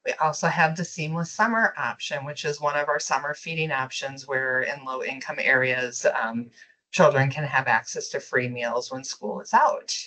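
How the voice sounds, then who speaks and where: A woman's voice: rumbling low, normal speed, pushed and bright, rough recording. A woman presenting school nutrition programs in an online meeting, friendly and explanatory. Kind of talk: webinar presentation.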